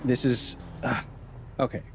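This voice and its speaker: A man's voice: unhurried, noisy background. A man hosting a casual gameplay livestream, joking as he reads and answers his chat's messages. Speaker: livestream host.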